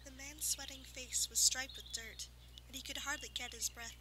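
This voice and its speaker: A woman narrating a fantasy storybook aloud in a soft, measured, lyrical way, sometimes dropping to a whisper. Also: high voice, steady tone, noisy background. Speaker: audiobook reader.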